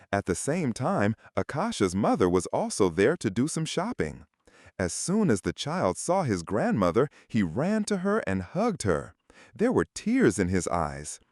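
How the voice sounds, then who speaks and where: A man's voice: on the low side, a little mellow, dry recording, studio quality. A man narrating a scripted family drama in a dramatic storytelling manner.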